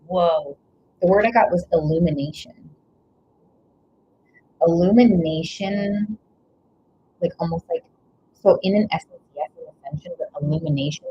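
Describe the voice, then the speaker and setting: Woman tarot reader, low voice, gushing and rambling, slightly dull lo-fi sound. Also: moderate pace, long pauses. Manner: rambling, exclaims 'whoa' and 'wow' often; gushing, emotional. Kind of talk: live tarot reading. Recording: slightly dull lo-fi audio with faint noise.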